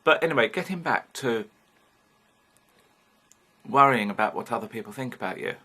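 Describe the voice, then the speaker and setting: A British man in his fifties with a gravelly, bright edge to his voice. He talks frankly and rambles on, speaking straight to the camera in a personal vlog, and swears casually as he goes. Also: medium pitch, lively intonation, moderate pace. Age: 50s. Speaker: vlogger. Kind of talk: candid personal vlog monologue.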